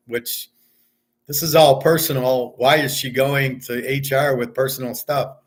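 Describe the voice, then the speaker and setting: A man's voice: mid-range voice, fairly even intonation, a little slow. Blunt, profane middle-aged American man ranting. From United States. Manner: profane, blunt storytelling with heated bursts. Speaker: sports betting show host. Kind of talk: casual ranting monologue.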